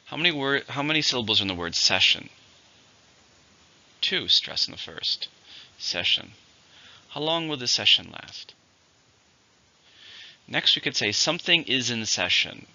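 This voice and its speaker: A man teaching an English vocabulary lesson, slowing down to stress each syllable as he models new words. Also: medium pitch, lively intonation, creaky, sharp tone, dry recording, highs cut off.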